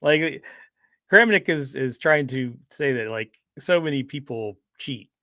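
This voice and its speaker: A man's voice: medium pitch, animated, measured pace, bright, forceful tone, dry recording, clean studio sound. Rambling man chatting on a stream. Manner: rambling, with frequent restarts and fillers. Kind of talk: casual livestream chat.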